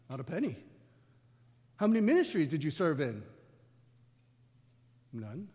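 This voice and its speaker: Pastor doing a stunned sheepish criminal, quiet, hesitant, reverb. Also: male voice, a little high. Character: bewildered male criminal arriving in heaven, sheepish. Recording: long hall reverb.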